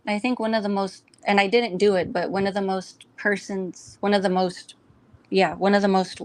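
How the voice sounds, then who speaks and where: A woman's voice: medium pitch, steady tone, moderate pace, no room sound. A woman co-hosting a casual chat, listening closely and sometimes stumbling over her words. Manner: attentive listener, brief affirmations, self-conscious stumbling. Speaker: podcast co-host.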